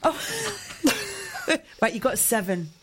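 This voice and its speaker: An English woman hosting a casual football podcast, playful and quick to laugh as she guesses answers. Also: on the high side, huge pitch swings, noisy background. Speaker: podcast host. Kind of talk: casual panel chat.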